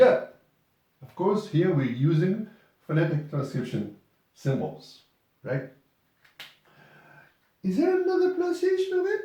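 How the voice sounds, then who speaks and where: A man's voice: on the high side, wildly swooping pitch, slow pace, long pauses, dark tone, muffled recording. A man teaching English pronunciation in a classroom, patiently repeating words and calling on students. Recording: echoey classroom from far off.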